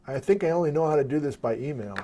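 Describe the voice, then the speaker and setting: This fast-talking man, whose voice runs on the high side, hosts a live Q&A stream from his desktop computer. He keeps things casual, narrating his thoughts as he works the software.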